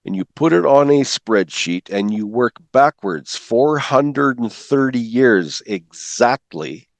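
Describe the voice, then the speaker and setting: A man walks a class through Bible calendar slides. He talks quickly and stops often to put questions to the listeners. His voice sounds dry and close, with no room around it. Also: mid-range voice, expressive, no echo. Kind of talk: slide-based classroom teaching.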